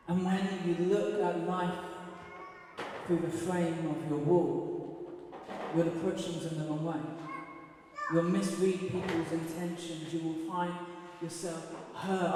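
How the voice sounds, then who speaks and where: A man preaching a sermon, telling stories in an animated way with self-mocking humor. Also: high-pitched, measured pace. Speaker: pastor. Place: church auditorium. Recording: echoey hall from far off, faint noise.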